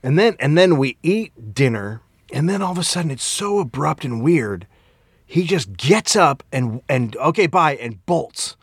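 Profane, animated male podcast co-host. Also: a little high, unhurried, slightly rough, no room sound, studio quality. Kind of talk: casual chat.

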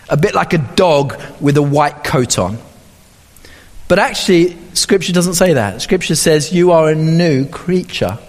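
A man preaching a sermon as pastor, reading scripture and acting out quoted voices. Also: high-pitched. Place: church hall. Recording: long hall reverb.

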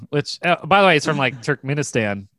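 A man's voice: a little high, animated, normal speed, bright, forceful tone, dry recording. A man in casual comedic chat, telling a rambling story with frequent laughs and restarts.

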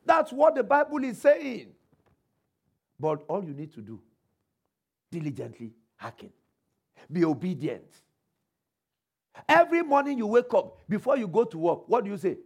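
Animated preacher, high lively voice. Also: male voice, normal speed, pauses often, breathy edge. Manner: call-and-response, quoting scripture, rhetorical questions; varies pace and loudness for emphasis. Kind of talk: sermon.

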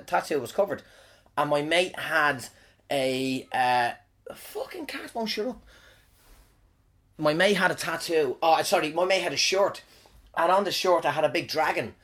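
A man's voice: on the high side, a bit bright. A man in his thirties, hosting a podcast alone and telling crude comic stories, swearing and rambling with frequent restarts. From Ireland. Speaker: podcast host. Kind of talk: casual comic storytelling monologue.

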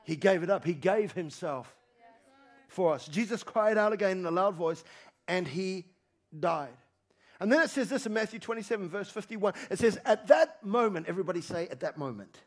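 A male pastor preaching a sermon to a congregation, repeating phrases with emphasis, swinging from loud calls to low, quiet lines. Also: normal speed. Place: church hall with congregation.

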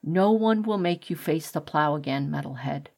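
A woman voicing a relaxed adult male rat who talks in a matter-of-fact way. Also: low-pitched, normal speed, vocal fry, exaggerated voice. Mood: plain. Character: easygoing adult male rat, the colony's leader.

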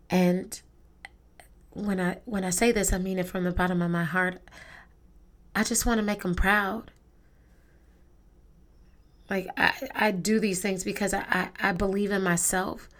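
A woman hosting a podcast, talking in an earnest, conversational way. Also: medium pitch. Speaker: podcast host. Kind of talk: casual podcast talk.

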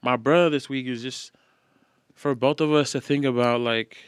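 A tired man co-hosting a podcast, talking in a relaxed, slangy, casual way. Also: medium pitch, moderate pace, clear, resonant tone, no echo, studio quality. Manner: relaxed, slangy, laid-back. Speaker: podcast co-host. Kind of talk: casual chat.

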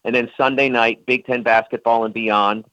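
A man being interviewed as a sports columnist on the radio, speaking in a measured way with frequent fillers. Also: mid-range voice, fairly even intonation, fairly bright tone, no echo, muffled recording.

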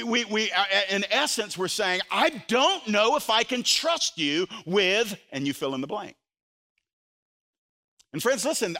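Animated, high-pitched older male preacher. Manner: animated preaching, voicing quoted speech with sudden loud jumps. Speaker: pastor. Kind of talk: sermon.

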